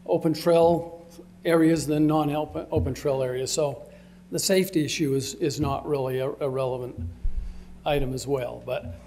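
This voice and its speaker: A man arguing a point during public comment at a city council meeting, halting, with restarts and trailing sentences. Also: on the high side, steady tone, dark tone. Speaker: resident speaking at public comment.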